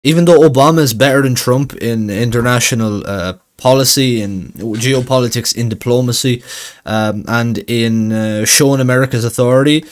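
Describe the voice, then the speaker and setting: A man from Russia talks over a clip in casual livestream commentary. He is blunt and sarcastic, and he swears freely, with an ordinary mid-pitched voice. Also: moderate pace.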